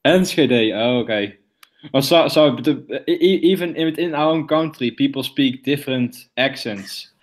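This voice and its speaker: A man's voice: medium pitch, moderate pace. A man from the south of the Netherlands with a southern Dutch accent, talking hesitantly and apologetically in a casual group chat. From North Brabant, the Netherlands.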